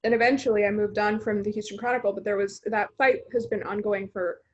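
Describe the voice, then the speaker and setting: A woman's voice: medium pitch, fairly even intonation, fast talker, a little hiss or hum. A woman hosting a video call panel as a news editor, talking in a conversational way with many fillers. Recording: slightly dull video call audio.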